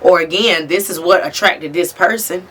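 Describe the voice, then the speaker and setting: A woman's voice: fairly low pitch, normal speed, fairly bright tone, breathy edge. A woman giving a casual tarot reading straight to the viewer, talking bluntly and swearing freely. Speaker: tarot reader. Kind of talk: casual spiritual reading to camera.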